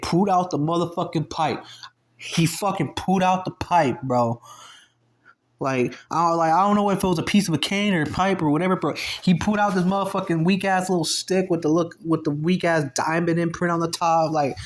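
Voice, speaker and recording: A man casually telling a story, animated and profane, laughing often and acting out both sides of an argument. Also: fairly high pitch.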